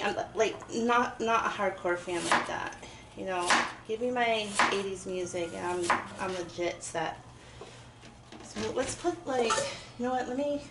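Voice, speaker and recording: A young woman rambles and giggles as she bakes. Her voice bounces around an echoey home kitchen. Knife chopping and clattering dishes are clearly heard behind her. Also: mid-range voice, heavy background noise. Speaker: vlogger. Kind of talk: casual kitchen chat while baking. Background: chopping and clinking dishes.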